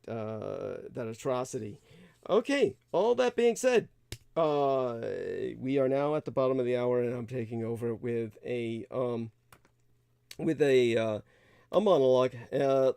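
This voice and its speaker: Halting male livestream host, smooth dry voice. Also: mid-range voice, dark tone, no echo. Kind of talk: casual livestream talk.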